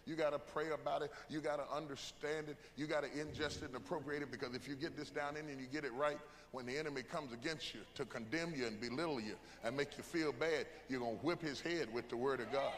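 A man preaching a sermon to his church, joking with the congregation and rising into shouts. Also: on the high side, steady tone, quick pace, hardly any pauses. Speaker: pastor. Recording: echoey church hall with loud room noise.

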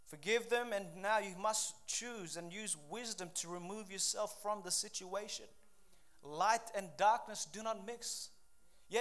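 A man preaches a sermon. He talks to his congregation in a casual way, jumps into quick asides and acts out quotes. His delivery is animated and direct. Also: extremely high pitch. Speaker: pastor.

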